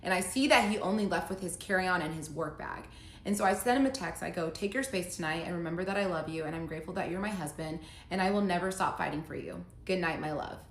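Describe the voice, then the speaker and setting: A woman's voice: fairly low pitch, fast talker. A woman telling her own breakup story in a casual monologue, emotional, reading messages aloud in her own voice. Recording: echoey room.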